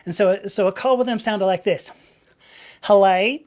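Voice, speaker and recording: A woman's voice: mid-range voice, a little fast, darkish tone. A middle-aged woman from the American South hosting a casual live stream, rambling, laughing at herself and reading out viewers' chat. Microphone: webcam.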